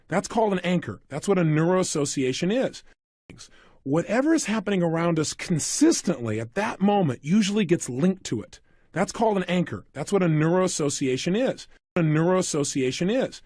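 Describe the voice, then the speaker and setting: A man delivers a motivational seminar talk in a high voice that leaps and swoops with expression. He spins stories and keeps turning to his listeners with questions. The sound is dry and close. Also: no room sound. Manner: animated storytelling with questions to the audience. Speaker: motivational speaker.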